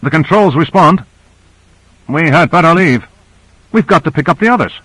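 A man's voice: a little high, expressive, normal speed, fairly bright tone, slightly rough, no room sound, voice pushed up, rough recording. A man doing a breathless, shaken pilot. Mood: relieved, urgent. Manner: breathless, gasping. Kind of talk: audiobook character voice.

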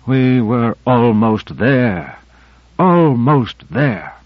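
A man puts on a forceful male officer whose voice jumps high and loud with urgency. It is read for an audiobook. The recording is dry and a little dull. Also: lively intonation, unhurried, husky, no echo. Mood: despairing. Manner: shouting, urgent.

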